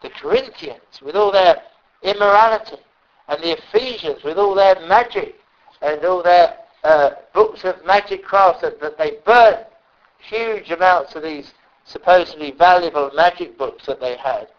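A man preaching a sermon, often pausing and repeating words as he stresses a point. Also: sits high. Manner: halting, repeats words, emphatic. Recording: dull lo-fi recording.

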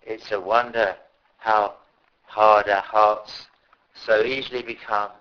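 A man preaching a sermon in an earnest way, rising to loud pleading calls at times. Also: fairly low pitch, level tone, slow pace, highs cut off, slight background noise.

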